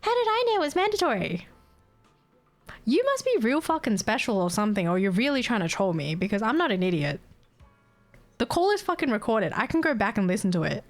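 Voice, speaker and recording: A woman's voice: mid-range voice, wildly swooping pitch, fast, faint music behind. A woman live streamer venting in a casual, heated and profane rant, breaking into laughter. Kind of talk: casual ranting chat.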